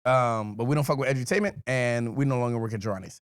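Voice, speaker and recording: A man co-hosting a podcast, telling a story in casual chat, animated, laughing often and swearing a lot. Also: medium pitch, fast, clean tone, no echo. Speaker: podcast co-host.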